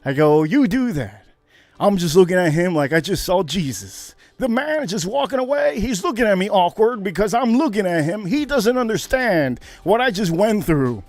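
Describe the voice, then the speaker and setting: Male livestream host, high-pitched, excitable, swears, rambling casual storytelling, faint music underneath. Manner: excitable, loud bursts, swearing, animated retelling. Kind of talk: casual storytelling to a live chat.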